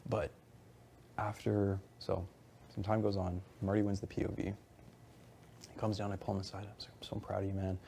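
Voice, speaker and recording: Young man, very low voice, dark gravelly tone, rambling heated storytelling, faint background hiss. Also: flat delivery, moderate pace, long pauses. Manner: rambling, heated retelling with quoted dialogue and swearing. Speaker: reality show houseguest. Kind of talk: casual one-on-one conversation.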